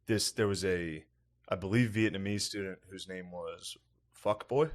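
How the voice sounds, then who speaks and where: A man with a fairly low voice co-hosts a comedy podcast, rambling through anecdotes with profanity and excited bursts. His talk stays loose and conversational. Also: moderate pace. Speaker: podcast co-host. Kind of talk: casual comedic chat.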